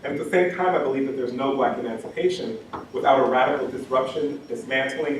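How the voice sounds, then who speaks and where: A man's voice: medium pitch, fast. Male academic speaker, earnest and repetitive at a lectern, heavy hall reverb. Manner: impassioned, repeats phrases for emphasis, many ums. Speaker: education scholar giving a talk. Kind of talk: lecture talk. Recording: very echoey hall, distant mic, faint noise.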